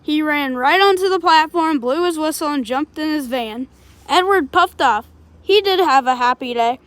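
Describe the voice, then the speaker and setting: High-voiced woman reading a storybook. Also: moderate pace, a bit bright, dry recording. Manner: unpolished reading with small slips and apologies. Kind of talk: reading a children's storybook aloud.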